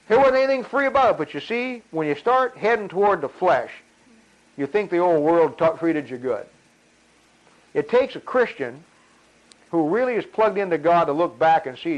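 A man preaching a sermon in an animated, folksy way, acting out voices of the people in his story. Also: high-pitched, a little slow, pauses often. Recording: dull lo-fi sound.

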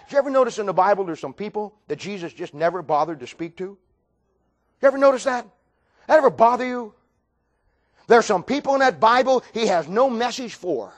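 Fervent older preacher, high-pitched voice. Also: male voice. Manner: fervent, dramatic storytelling, swings loud to quiet. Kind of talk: sermon.

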